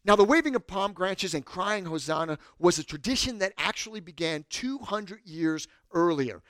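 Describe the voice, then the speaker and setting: A man preaches a lively sermon in a high voice, reading scripture aloud and asking the listeners questions. He swells loud on quoted cries and sinks to a soft hush between them. The sound is dry and close. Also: moderate pace, no echo. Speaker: pastor.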